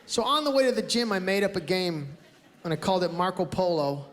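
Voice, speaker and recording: Brash high-voiced comedian on a live stage. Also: male voice, a little fast, a little hiss or hum. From Canada. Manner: brash, loud storytelling with acted-out outbursts. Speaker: stand-up comedian. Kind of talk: stand-up comedy. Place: large theater stage before a live audience. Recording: roomy live theater recording with crowd laughter. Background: audience laughter.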